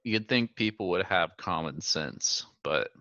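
A man's voice: deep voice, expressive, unhurried, pushed and bright, no echo, highs cut off. A man co-hosting a podcast in laid-back casual chat, with lots of "you know". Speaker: podcast co-host.

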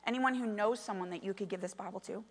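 A woman's voice: medium pitch, fast talker. Woman pastor preaching in a reverberant hall. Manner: preaching with swings from soft storytelling to loud emphatic calls. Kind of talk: sermon. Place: church sanctuary. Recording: long reverb of a large hall.

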